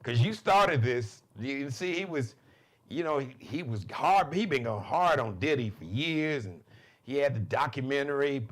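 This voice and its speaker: Animated man hosting a live show. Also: medium pitch, normal speed. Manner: animated, laughing, loose and conversational. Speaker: talk show host. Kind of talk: live monologue, casual commentary.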